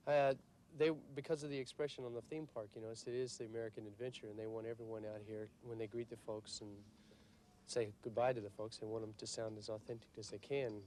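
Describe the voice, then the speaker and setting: Texan man, quick and loose, interview answers with faint background noise. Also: medium pitch. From Texas. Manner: relaxed, hesitant with fillers. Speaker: accent teacher interviewed.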